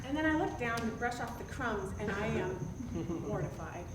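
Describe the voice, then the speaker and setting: A woman telling a personal story to a live audience, animated and self-deprecating. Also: a little high, moderate pace. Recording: roomy, distant mic with background noise.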